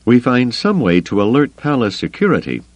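Audiobook: male reader as a composed military commander, quiet authority, lively delivery, dry sound. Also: mid-range voice, moderate pace, no echo, voice pushed up. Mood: calm, commanding. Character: calm, commanding veteran male officer. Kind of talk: audiobook character voice.

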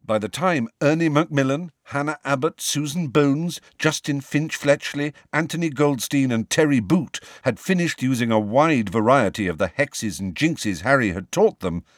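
Expressive male audiobook narrator, dry sound. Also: mid-range voice, moderate pace, hardly any pauses, no room sound. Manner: expressive, varied storytelling. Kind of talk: scripted narration of a novel.

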